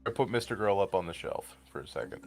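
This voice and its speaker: A man's voice: low-pitched, expressive, fast. A man streaming and chatting casually, blunt and crude, rambling through long explanations. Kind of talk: casual chat.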